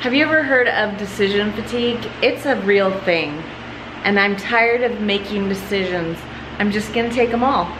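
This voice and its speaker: A woman's voice: medium pitch, normal speed. An American woman, a mother, chatting with her husband in a teasing, playful way. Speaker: vlogger, mother. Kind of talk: casual family chat. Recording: echoey room with background noise.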